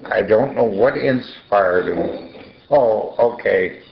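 Older man, low gravelly voice, halting and repetitive, muffled echoey room recording. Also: a little hiss or hum. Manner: halting, repeats words, trails off. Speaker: interviewee. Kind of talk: recorded interview at home. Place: front room of his home.

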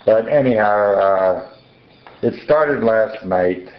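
An older man being interviewed in the front room of his home, halting and repeating his words as he recounts events. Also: lowish voice. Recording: muffled, echoey room recording.

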